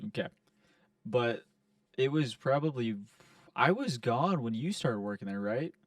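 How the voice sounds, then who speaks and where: A man's voice: medium pitch, animated, unhurried, no echo, distant mic. A young man co-hosting a podcast, telling a rambling, profane story in casual chat. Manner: rambling, profane, quotes friends in put-on voices. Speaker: podcast co-host.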